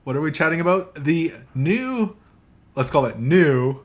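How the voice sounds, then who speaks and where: A man's voice: fairly high pitch, expressive, unhurried. A man hosting a casual tech chat show from a coffee shop, chatty and joking, laughing often. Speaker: podcast host.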